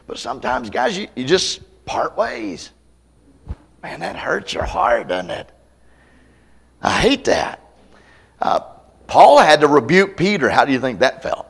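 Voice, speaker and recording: A man's voice: a little high, sing-song, unhurried, gravelly, long pauses, slightly rough. A man pastor preaching a sermon at a camp meeting, conversational and candid, with self-deprecating humor. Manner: conversational, acts out quoted voices.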